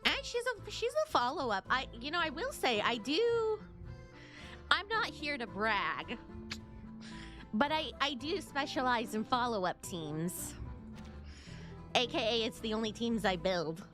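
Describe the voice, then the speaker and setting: Excitable young woman streamer, lively pitch. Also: measured pace, long pauses, faint music behind. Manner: excitable, repeats herself, sings silly snippets. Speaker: VTuber streamer. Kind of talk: casual gaming stream chat.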